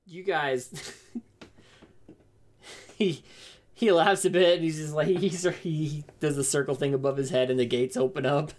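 A woman's voice: deep voice, fairly even intonation, measured pace, pauses often, darkish tone. A young woman narrating a tabletop game as game master, laughing often and restarting her phrases.

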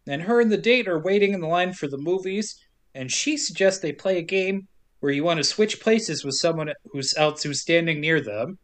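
A young man co-hosting a casual comedy podcast, recapping a story with jokes and quick silly voices. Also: fairly high pitch, a bit bright. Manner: jokey, does quick silly voices for characters, laughs often. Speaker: podcast co-host.

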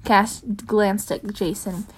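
A woman reading fan fiction aloud in a plain, unpolished way, pausing to correct her own slips. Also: medium pitch, steady tone, slight background noise. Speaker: reader.

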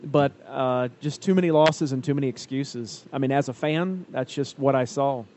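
A man appearing as a guest on a casual sports podcast, friendly and speaking in a brisk, pitch-like way. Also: a little mellow, slight background noise. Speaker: podcast guest, sponsor representative.

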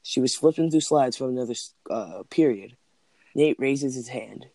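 A man's voice: mid-range voice, animated, moderate pace, mellow, dry recording. A man in casual chat, rambling through school stories with lots of "like" and "um". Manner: rambling, heavy use of "like" and "um".

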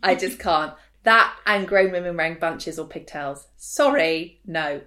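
A woman's voice: lowish voice, a little slow, bright, forceful tone. A woman in her thirties, co-hosting a casual podcast chat in a frank, opinionated way with dry humor. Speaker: podcast co-host.

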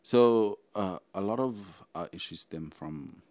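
A man's voice: low voice, a little slow, darkish tone. A young South African man hosting a casual solo podcast, rambling and talking straight to his listeners. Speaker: podcast host.

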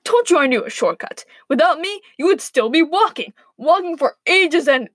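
A woman's voice: high-pitched, animated, moderate pace, fairly bright tone, dry recording, clean studio sound, full character voice. A woman voicing a sheepish, pleading male wolf with allergies in a spoken story. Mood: eager.

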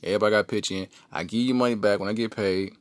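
A man's voice: lowish voice, steady tone, racing, no room sound, lightly acted. A man voicing a stern, insistent mother who demands her son's paycheck. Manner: bossy, insistent.

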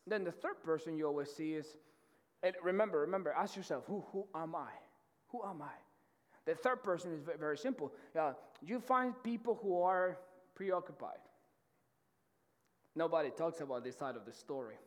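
High-ish guy pastor, chatty slangy sermon, lots of restarts, big echoey church hall. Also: animated, moderate pace. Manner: conversational and slangy, with many restarts and repeated "right?". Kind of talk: casual sermon to college students. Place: church auditorium. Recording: long reverb of a large hall.

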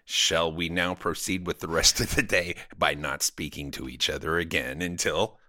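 A man's voice: rumbling low, fairly even intonation, normal speed, pushed and bright, no echo, clean studio sound, pitched below the performer's own voice. A man putting on a stilted, mechanical voice as a stiff, overly formal person imitating a robot. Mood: robotic.

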